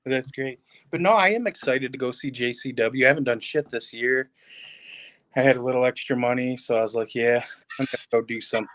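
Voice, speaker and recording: A man's voice: medium pitch, a little fast, a bit bright. A man from northern Michigan chatting casually as a guest on a video call, giving short, easygoing answers. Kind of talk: casual chat.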